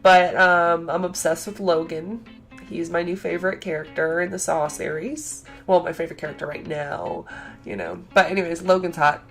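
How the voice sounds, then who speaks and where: A young woman telling a convention story in a casual vlog, chatty and excitable, full of fillers and acted-out quotes. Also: fairly low pitch, normal speed, gravelly, faint music behind. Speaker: vlogger.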